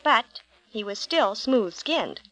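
A woman narrating a children's Bible storybook in an expressive, gentle read-aloud manner. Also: a little high, slow pace, low-quality recording.

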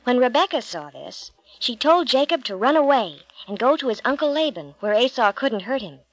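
A woman narrating a children's Bible storybook in an expressive, gentle read-aloud manner. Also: fairly high pitch, normal speed, no room sound, rough recording.

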